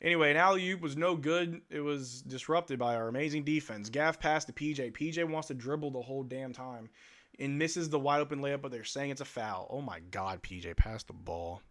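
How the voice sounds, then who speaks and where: A man's voice: mid-range voice, moderate pace, a bit bright. A male live-stream host giving casual fan play-by-play commentary in a blunt, exasperated, slangy way.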